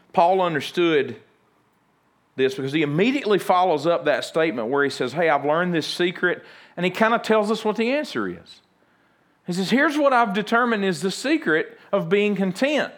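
A man's voice: sits high, fairly bright tone. A man pastor preaching a folksy, humorous sermon and acting out little everyday scenes.

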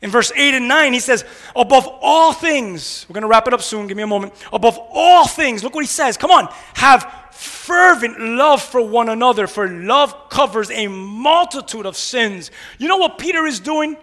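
A man preaching a lively sermon as pastor, repeatedly throwing rhetorical "what?" questions to the congregation and mocking grumblers in mumbled asides. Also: extremely high pitch, moderate pace, big-room sound. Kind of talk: energetic sermon. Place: church sanctuary.

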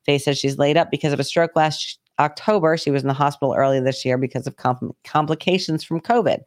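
A man's voice: a little high, fairly even intonation, fast, dry recording, studio quality. A man co-hosting a podcast, reading a news article aloud and breaking off for sarcastic, profane asides. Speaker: podcast co-host.

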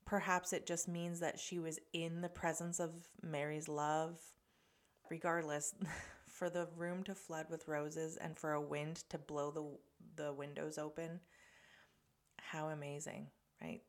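A woman hosting a podcast, talking in a chatty, earnest way with soft laughs and restarts. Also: deep voice, flat delivery, a little slow. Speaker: podcast host and medium. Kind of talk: casual podcast monologue.

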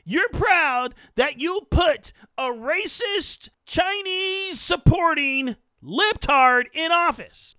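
A man hosts a podcast in an indignant, mocking political rant. His voice sits very high for a man and leaps around expressively. The sound is bright and dry, with no room around it. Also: vocal fry, clean tone, no room sound. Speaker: podcast host.

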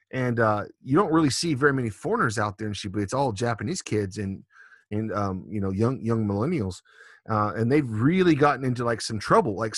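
Bright-voiced man, rambling casual chat. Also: mid-range voice, no room sound, clean studio sound. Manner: loose and profane, rambling storyteller. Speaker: podcast co-host. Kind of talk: casual drinking-podcast chat.

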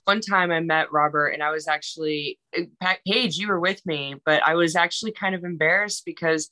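Bright-voiced chatty woman. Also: low-pitched, a little fast. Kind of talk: casual storytelling chat.

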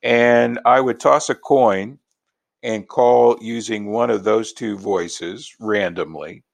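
A man from Los Angeles, a professor, answering interview questions in a measured, explanatory way. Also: fairly low pitch, creaky. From Los Angeles, United States. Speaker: linguistics professor.

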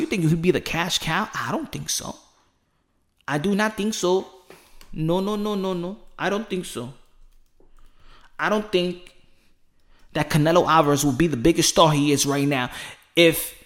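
Fired-up man with a higher voice. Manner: emphatic, rambling, rising to loud fired-up outbursts. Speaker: boxing commentator. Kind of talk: casual opinion commentary.

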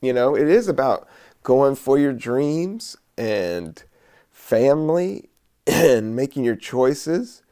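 A man hosting a podcast, rambling in a relaxed, musing way with many fillers while he doodles. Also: mid-range voice, clean tone. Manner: laid-back, slow, musing with many fillers and laughs. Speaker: podcast host.

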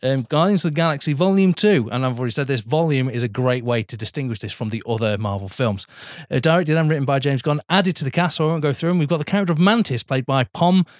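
A man's voice: medium pitch, fast talker, hardly any pauses, no echo, clean studio sound. A man co-hosting a film podcast, chatting casually, swearing and laughing often. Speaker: podcast co-host.

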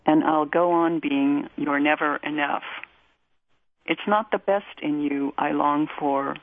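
A woman radio host reads a poem in a low, measured voice, taking her time over each line. The sound is thin and tinny, like a phone line, with no room around it. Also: steady tone, no echo. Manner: measured, deliberate reading. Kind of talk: poetry reading and music introduction.

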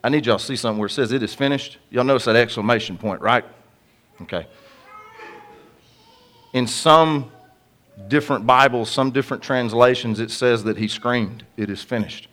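A man's voice: medium pitch, normal speed, pauses often, fairly bright tone. A man preaching a conversational, jokey sermon to a congregation.

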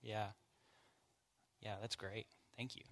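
A man's voice: lowish voice, steady tone, takes it slowly, vocal fry, a bit bright, slight background noise. A man leading a church bible study, teaching in an informal, conversational way and asking the group questions. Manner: informal, asks the group questions, casual fillers.

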